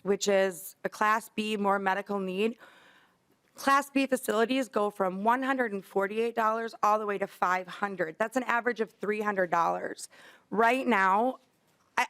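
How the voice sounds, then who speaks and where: A woman's voice: medium pitch, moderate pace, fairly bright tone. A woman, a facility administrator, gives earnest, apologetic testimony to a legislative committee.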